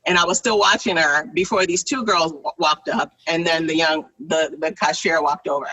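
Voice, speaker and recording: A woman in her thirties or forties, animated and laughing often as she tells a story in casual conversation. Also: low-pitched, moderate pace, breathy edge. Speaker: guest. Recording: distant from the mic.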